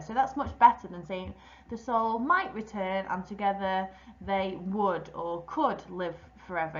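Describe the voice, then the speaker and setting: A woman teacher talks pupils through a written example, patient and clear, pausing to explain each point. Her voice sits at a middle pitch. The recording is a little dull and lo-fi, as if captured on a computer mic. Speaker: primary school teacher. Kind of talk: recorded lesson walkthrough.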